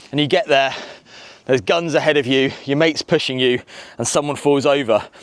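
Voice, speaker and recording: A man guiding a walk across a battlefield, explaining events in a lively, conversational way, outdoors on a rocky hillside. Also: a little high, dry recording. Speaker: historian guide.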